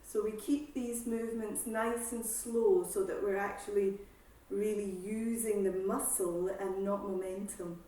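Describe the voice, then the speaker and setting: A woman exercise instructor calmly guiding a seated breathing class, with slow breath cues and counting. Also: medium pitch. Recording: echoey room, voice from far off.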